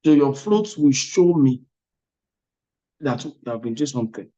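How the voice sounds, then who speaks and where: Man, exam tutor, motivational class talk, emphatic, repeats himself, medium pitch. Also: expressive, unhurried, mellow, muffled recording. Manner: emphatic, repeats words, asks "are you with me?".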